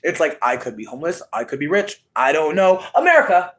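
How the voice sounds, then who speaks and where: A man in a rambling, casual monologue, swearing freely and laughing, dropping to a murmur and then bursting into shouts. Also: a little high, a little fast, low-quality recording. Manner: profane, laughing, sudden shouts; animated, swings between murmur and yelling.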